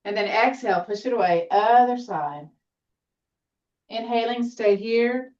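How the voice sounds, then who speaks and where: A woman guides a seated tai chi class, her cues gentle, encouraging and now and then playful. She sounds a little away from the mic, and the sound comes through muffled and dull. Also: on the high side, a little slow, far from the mic.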